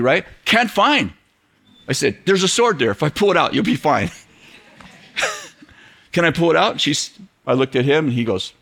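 Middle-aged guy preaching, lively storytelling sermon, bright tone, keeps laughing and putting on voices. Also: on the high side, vocal fry. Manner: animated, acts out quoted voices, laughs often. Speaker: pastor. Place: church auditorium with audience.

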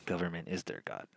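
Talking alone on his own political podcast, a man rambles and frequently starts over. His tone is darkish, the low-quality recording has no room sound.

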